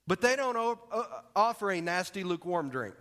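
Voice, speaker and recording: A pastor delivering a sermon in a casual, joking way, often dropping his voice low and soft to press a point home. His voice sits slightly higher than most men's. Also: very animated, normal speed. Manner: conversational and joking, drops to quiet emphasis.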